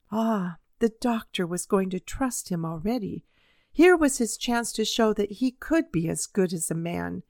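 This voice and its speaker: A woman's voice: medium pitch, expressive, unhurried, a little mellow, no room sound. Woman reading a children's story, dry sound. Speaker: audiobook reader. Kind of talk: storybook narration.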